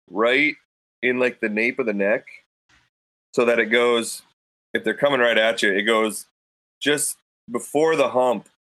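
A man's voice: medium pitch, bright, forceful tone, dry recording, low-quality recording. A man in casual conversation, telling a story vividly and acting out quoted thoughts with a raised voice into a studio microphone. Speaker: podcast guest telling a hunting story.

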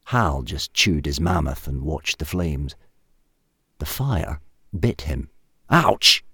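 Deep-voiced man reading a story. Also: slow pace, breathy edge, no room sound, studio quality. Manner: lively, expressive reading.

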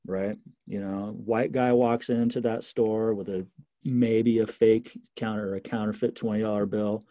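A man telling stories in a casual interview, lively and full of fillers and restarts. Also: on the low side, unhurried, no echo. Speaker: interview guest.

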